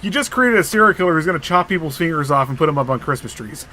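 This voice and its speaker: A man's voice: on the high side, animated, fast, bright, forceful tone, a little hiss or hum. A man hosting a podcast over a video call, chatting casually, chuckling often and apologizing easily. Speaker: podcast host.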